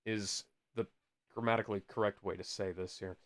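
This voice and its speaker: A man's voice: on the low side, steady tone, fairly quick. A man co-hosting a podcast, reading a kids' book aloud and stopping for asides and corrections. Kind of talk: casual comic read-aloud.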